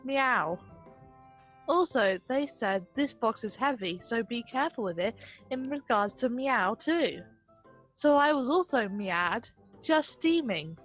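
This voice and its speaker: A woman voicing a calm, deadpan young cat girl from a video game who meows. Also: on the high side, soft background music. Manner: slow, flat, meows.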